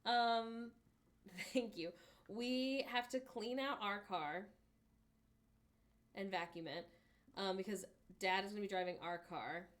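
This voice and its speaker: A woman's voice: mid-range voice, slow pace, long pauses. A woman co-hosting a casual livestream, rambling along with lots of "um" and "like". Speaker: livestream co-host.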